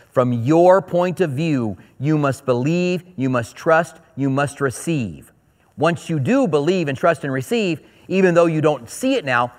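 A man preaching a sermon, reading scripture slowly and then explaining it in quicker, casual asides. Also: a little high, big-room sound. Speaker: pastor.

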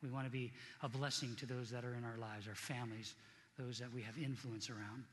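A man's voice: medium pitch, steady tone, brisk, fairly bright tone, slight background noise. Middle-aged pastor guy preaching, earnest and chatty, voice ringing in a big church hall. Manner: earnest, conversational preaching with repeated emphasis. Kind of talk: sermon.

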